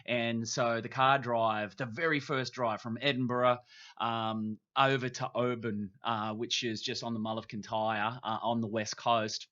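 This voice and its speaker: An Australian man in his fifties, a TV presenter telling travel stories on a podcast in a lively, animated way, acting out the voices of people he quotes. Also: medium pitch, lo-fi sound. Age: 50s. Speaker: guest, TV presenter. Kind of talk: casual storytelling.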